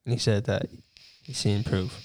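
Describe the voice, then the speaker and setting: A man's voice: on the low side, fairly even intonation, moderate pace, a little mellow. A man in casual banter, making dry, blunt remarks.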